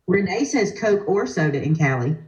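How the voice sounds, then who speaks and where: A woman's voice: on the low side, sing-song, moderate pace, darkish tone, echoey room, highs cut off. A woman, chatting enthusiastically on a casual livestream and laughing easily. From Alabama. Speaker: guest.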